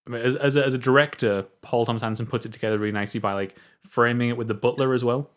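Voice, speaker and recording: A British man co-hosting a casual film review, talking in a measured, analytical way. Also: mid-range voice, steady tone. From Britain.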